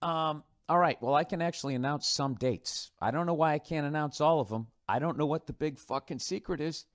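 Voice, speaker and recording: A man's voice: a little high, a little fast, no echo, clean studio sound. Sarcastic, profane man with a Boston accent. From United States. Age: 40s. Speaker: podcast host. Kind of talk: casual rambling monologue.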